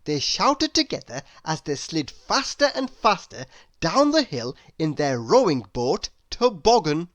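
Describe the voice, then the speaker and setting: A man narrates a children's storybook aloud at an unhurried pace. His voice swings widely in pitch, moving up and down the scale to keep young listeners hooked. The sound is close and dry. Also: no room sound. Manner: lively, leaps high for characters' lines. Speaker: storybook reader.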